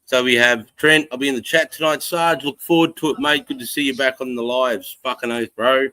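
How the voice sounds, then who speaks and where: A man's voice: medium pitch, steady tone, a little fast, sharp tone, dry recording, rough recording. An Australian man hosting a casual live stream, rambling, swearing freely and reading out chat comments. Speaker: livestream host. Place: home in the countryside.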